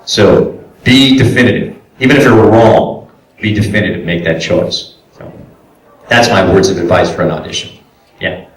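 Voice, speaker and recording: A man and voice actor giving a convention panel talk, animated and acting out quoted directors and clients. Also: lowish voice, normal speed, pauses often. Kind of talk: casual panel talk with audience questions. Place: convention hall. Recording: echoey hall, voice picked up from far off.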